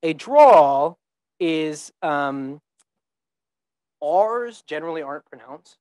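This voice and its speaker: A man's voice: a little high, sing-song, takes it slowly, dry recording, rough recording. A young man giving an informal talk to students as a teaching fellow, thinking aloud with many ums and restarts. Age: young adult. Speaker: visiting teaching fellow presenting.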